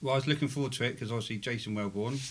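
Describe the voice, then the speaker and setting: A man's voice: medium pitch, rapid-fire, slight background noise. A man, a boxer co-hosting, breaking down a fight in a plain, clipped way. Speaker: boxer co-host. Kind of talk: casual fight analysis.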